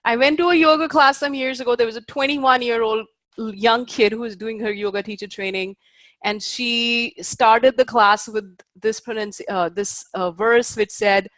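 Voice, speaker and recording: A woman's voice: on the high side, steady tone, moderate pace, fairly bright tone, no echo. A woman teaching a class. She explains patiently with fillers, checks whether her students understand, and takes care over Sanskrit pronunciation. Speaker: Ayurveda teacher. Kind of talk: lecturing a class.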